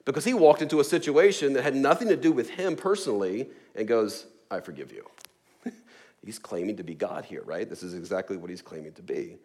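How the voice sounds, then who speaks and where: Man, forties, pastor, relaxed sermon, chatty asides, mid-pitched voice. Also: brisk. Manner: conversational, frequent "right?" asides, lively emphasis.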